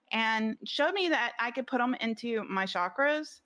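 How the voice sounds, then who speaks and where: A woman's voice: fairly high pitch, animated, moderate pace, few pauses, a bit bright. A middle-aged woman, a podcast guest, telling a story in casual conversation, rambling with lots of "like" fillers and restarts.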